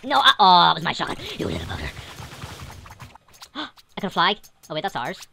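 A woman hosting a gaming channel, yelling and laughing through excited gameplay commentary. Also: lowish voice, a little fast, gravelly, a little hiss or hum, poor audio. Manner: shrieks and yells at the game, laughs a lot.

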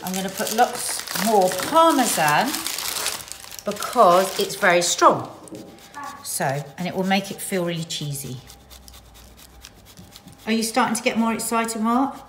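A woman's voice: medium pitch, expressive, unhurried, long pauses, a bit bright, roomy sound, slight background noise. An English woman vlogging from her home kitchen, chatting and teasing as she explains each cooking step. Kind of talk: casual kitchen vlog chat.

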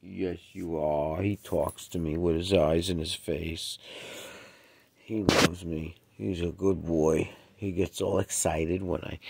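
A sick, short-of-breath man at home with his cats, cooing to them in a raised voice and otherwise muttering low in casual chat. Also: creaky, darkish tone, husky. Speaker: cat owner filming his pets.

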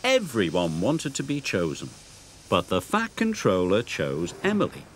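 Animated storybook narrator, man. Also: fairly low pitch, a little slow, slight background noise. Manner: animated, storyteller's sing-song.

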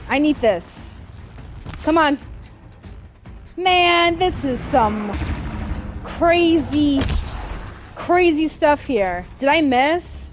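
A woman giving excitable let's-play commentary while gaming, squealing and cheering through the fights. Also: sits high. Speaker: gamer playing a video game. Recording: game music playing behind the voice.

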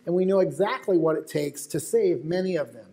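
An American wildlife photographer, lecturing to a live crowd, recounts stories in a chatty style with asides to his listeners. His voice is a little high and dark in tone, and he talks a little fast.

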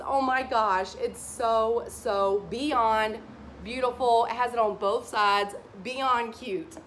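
A woman's voice: on the high side, fairly bright tone, slight background noise. Giddy, gushing woman. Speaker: haul vlogger. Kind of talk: casual shopping haul chat to camera.

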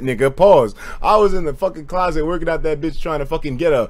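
A man livestreaming and casually telling stories, profane and animated, often breaking into laughter. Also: on the high side, quick pace.

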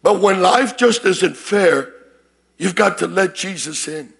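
High, gravelly preaching pastor, man. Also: lively intonation, slow pace. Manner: shouts and repeats phrases, calls to congregation. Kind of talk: sermon. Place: church sanctuary.

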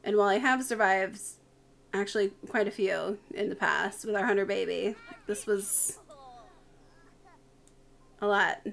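A woman streamer gives live commentary as she plays a game, and she sounds worn out. She speaks slowly, with a gravelly fry in her voice, and keeps addressing her characters directly in a chatty way. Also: medium pitch, steady tone, a bit bright. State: tired.

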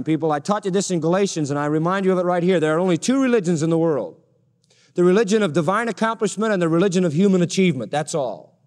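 A man's voice: high voice, a little mellow, in a large hall. A male pastor preaching a sermon emphatically, stressing his points with repeated parallel phrases.

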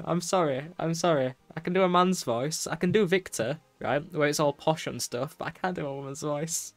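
A young man in casual gameplay commentary, excitable and chatty, talking to himself with lots of fillers. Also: on the high side, normal speed, hardly any pauses, faint music behind. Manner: excitable, chatty, full of fillers and self-talk. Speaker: gameplay streamer. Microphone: desk microphone with keyboard noise.

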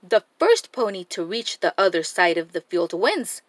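A woman's voice: on the low side, very animated, moderate pace, no echo, pitched below the performer's own voice. A woman voicing a male race announcer calling out to the racers in a storybook read-aloud. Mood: announcing. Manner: calling out loudly.

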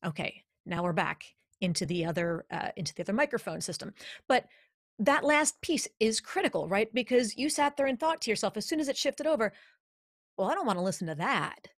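A woman hosting an instructional podcast as a voice coach, speaking in an energetic, emphatic, demonstrative way into a studio podcast microphone in a home studio. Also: medium pitch, brisk, dry recording.

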